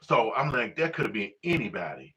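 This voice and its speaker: A man's voice: fairly low pitch, big pitch swings, fairly quick, bright, forceful tone, slight background noise. A man hosting a casual livestream, talking in a profane, rambling way full of fillers and asides to viewers. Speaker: livestream host. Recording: distant lo-fi livestream audio.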